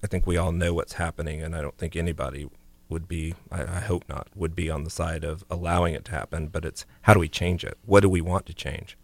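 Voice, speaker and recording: Deep, gravelly radio co-host man. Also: steady tone, no room sound. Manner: measured, thinking aloud. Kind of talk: casual radio talk.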